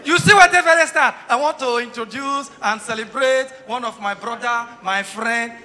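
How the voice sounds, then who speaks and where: A man with a Nigerian Pidgin English accent doing live stand-up comedy, teasing the crowd and breaking into sudden shouts. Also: very high voice, moderate pace. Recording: reverberant hall sound.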